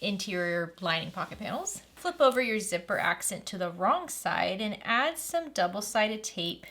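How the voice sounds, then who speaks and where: A woman's voice: medium pitch, very animated, normal speed, pushed and bright. A woman narrating a step-by-step sewing tutorial in a friendly, practical way, walking the viewer through each stage. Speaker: sewing instructor.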